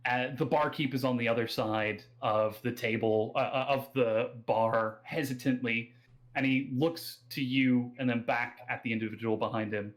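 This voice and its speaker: An Australian man runs a tabletop fantasy game, describing scenes at a middling pitch. He halts often with fillers and restarts as he narrates. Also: steady tone, moderate pace, low-quality recording. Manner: hesitant, many fillers and restarts. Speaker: game master.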